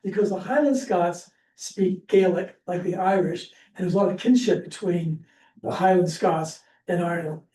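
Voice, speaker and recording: Teaching a casual church history class, a Pennsylvania man speaks in a high, mellow voice at a moderate pace. He rambles chattily with plenty of fillers and restarts, while the distant mic picks up room echo and a faint hiss.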